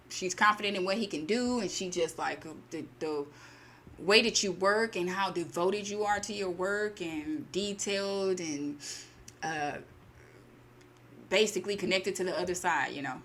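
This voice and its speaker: A woman's voice: on the low side, moderate pace, pushed and bright, a little hiss or hum. A woman casually retelling a short story in her own words, chatty and full of fillers, acting out the lines of the characters. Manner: chatty, many fillers and quoted asides. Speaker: story channel host.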